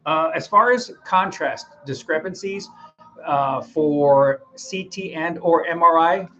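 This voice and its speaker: A man's voice: a little high, slow, pushed and bright, highs cut off, slight background noise. A middle-aged man, leading a department huddle in a folksy, upbeat, rambling way, often correcting himself. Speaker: radiology department manager. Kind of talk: team huddle announcements.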